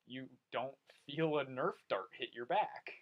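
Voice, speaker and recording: A young man hosting a casual podcast, telling stories in an animated way and swearing now and then. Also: medium pitch, measured pace, lo-fi sound. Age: young adult. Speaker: podcast host. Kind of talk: casual chat.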